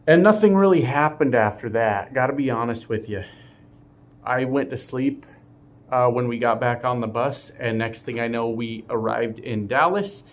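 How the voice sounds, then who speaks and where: A man's voice: medium pitch, darkish tone. A man who drives trucks for a living, telling a story casually, often laughing and swearing lightly.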